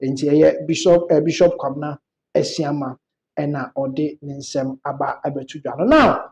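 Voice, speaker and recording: Ghanaian male news commentator, mellow voice, echoey room, rambling with fillers. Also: a little high, normal speed, creaky. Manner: mixes Twi and English, many fillers.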